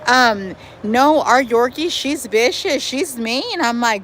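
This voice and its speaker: A woman hosting a casual live stream outdoors in her backyard, talking to viewers in a lively, chatty way and calling them y'all. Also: sits high, unhurried, few pauses, low-quality recording. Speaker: livestream host. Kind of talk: casual live chat reading viewer comments. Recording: faint outdoor noise with traffic.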